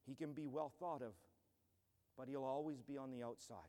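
A man's voice: medium pitch, fairly even intonation, moderate pace, dark tone, big-room sound. A man pastor preaching an earnest, emphatic expository sermon in a church.

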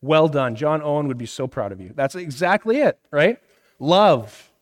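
A man's voice: a little high, expressive, normal speed. Man preaching in a reverberant hall. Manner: conversational, asks the room questions, frequent "right?". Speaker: pastor. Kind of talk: interactive sermon teaching.

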